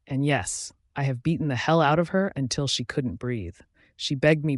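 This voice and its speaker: A man's voice: mid-range voice, animated, moderate pace, dry recording, clean studio sound. A man narrating a first-person audiobook in a dramatic, intense storytelling manner.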